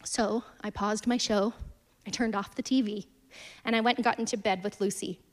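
A woman in her thirties preaching a sermon, earnest and storytelling, swinging from emphatic lines to hushed ones. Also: medium pitch, steady tone, normal speed.

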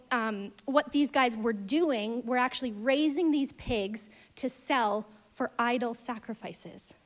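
Woman teaching bible stories, kinda high voice, acts out all the quotes, chatty. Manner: animated storytelling, acts out quotes. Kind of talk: casual Bible lesson.

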